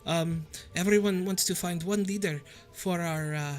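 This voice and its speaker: A man's voice: high-pitched, fairly even intonation, unhurried, soft background music. A man voicing a worried female lizardfolk tribal leader with a put-on Irish accent, hesitant and stammering.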